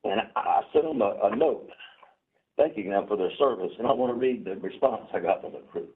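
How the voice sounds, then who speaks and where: A man speaking as a commissioner at a public meeting, earnest and halting, often repeating words. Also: fairly low pitch. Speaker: port commissioner. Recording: tinny phone-like broadcast audio.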